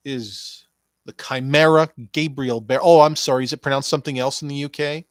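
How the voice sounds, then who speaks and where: A man's voice: mid-range voice, a bit bright, no room sound. A man hosting a podcast, ranting sarcastically with profanity and many stumbling restarts. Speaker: podcast host. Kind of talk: rambling profane wrestling commentary.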